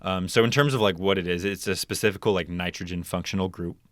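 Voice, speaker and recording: A man's voice: deep voice, steady tone, quick pace, a bit bright, dry recording. A young man, a chemical engineer, explaining his research in a casual interview, with many ums and likes. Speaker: podcast guest, chemical engineer.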